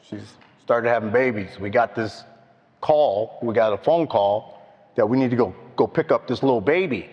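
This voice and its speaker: An older man telling his own story at a recovery meeting, slow and halting, heartfelt. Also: medium pitch. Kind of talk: personal testimony. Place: meeting hall. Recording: dull, with long hall echo.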